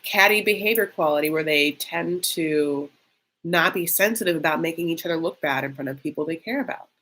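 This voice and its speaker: A woman's voice: low voice, brisk, fairly bright tone. A woman hosting a casual live reaction stream, chatty and catty, reading viewer comments aloud and filling her talk with "like".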